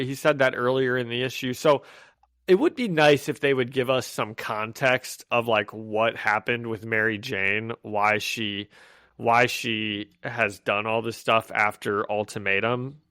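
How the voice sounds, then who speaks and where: A man's voice: mid-range voice, measured pace, clear, resonant tone, no room sound, studio quality. A man co-hosting a podcast, recapping comic issues in casual chat and acting out the characters' lines. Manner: animated, acts out quoted lines in voices. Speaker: podcast co-host.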